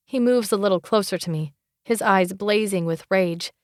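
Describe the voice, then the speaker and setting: A woman narrating a fantasy romance audiobook in first person, wry and expressive, close to the mic. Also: medium pitch, normal speed, no room sound.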